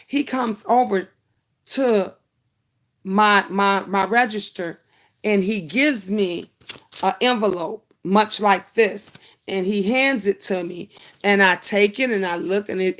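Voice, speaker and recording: A middle-aged woman at a medium pitch, talking straight to her livestream viewers. She tells a personal story in a chatty, heartfelt way, calling everyone honey and y'all. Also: fairly bright tone. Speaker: YouTube livestream host.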